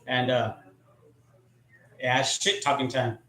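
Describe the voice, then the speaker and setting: A man's voice: medium pitch, flat delivery, slow, sharp tone, roomy sound. A man hosting a live stream, telling rambling, profane, joking stories about his sister. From California. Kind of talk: casual storytelling.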